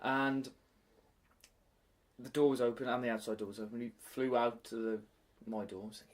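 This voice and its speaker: A man's voice: mid-range voice, level tone, moderate pace, long pauses. A man, a teacher and podcast co-host, telling a funny story in casual chat and laughing often as he acts out voices.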